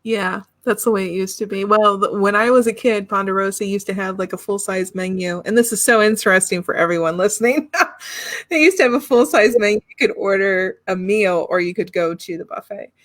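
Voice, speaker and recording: A woman's voice: medium pitch, fairly quick, fairly bright tone, no echo. A woman hosting a casual chat, playful and laughing often. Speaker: host.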